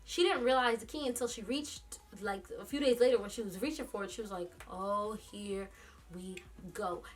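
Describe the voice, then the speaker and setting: A woman vlogger telling a story in casual chat, animated, laughing often and quoting others in quick asides. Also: fairly high pitch, soft background music. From New York.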